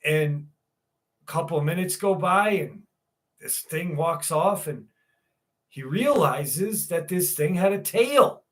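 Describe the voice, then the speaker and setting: A man hosting a live talk show, telling a crude, profane story in a casual way and building it up with pauses. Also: fairly high pitch, animated, a bit bright. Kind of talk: casual storytelling, acting out the characters.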